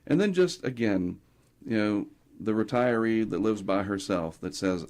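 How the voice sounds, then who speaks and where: Middle-aged man from North Carolina, interview guest; low-ish voice, chatty storyteller who acts out the quotes. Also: measured pace. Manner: animated anecdotes, acting out quotes. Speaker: guest, hurricane tracker.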